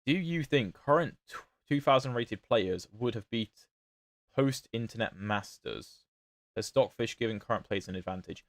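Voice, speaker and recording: A man's voice: fairly low pitch, expressive, moderate pace, dry recording. A man with a British accent, not fully standard, casually commenting on his chess games and answering chat on a livestream. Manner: chatty, answers chat questions while playing. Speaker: chess streamer.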